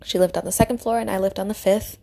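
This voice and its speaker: A young woman vlogger sharing a personal faith story in a heartfelt, emotional way, often sinking to a soft whisper. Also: mid-range voice, steady tone, fast talker, vocal fry.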